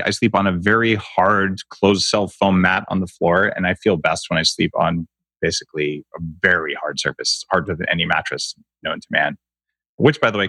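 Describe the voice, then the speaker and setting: A man's voice: sits low, vocal fry, a bit bright, no room sound. A man talking emphatically in an interview, ranting with rhetorical questions. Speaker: guest expert on health. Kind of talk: animated interview talk.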